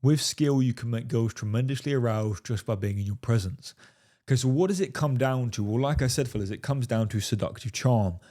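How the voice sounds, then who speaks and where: A dating coach with a medium-pitched, mellow voice talks briskly right to his viewers. His coaching monologue is emphatic and profane, peppered with "fellas" and "right?".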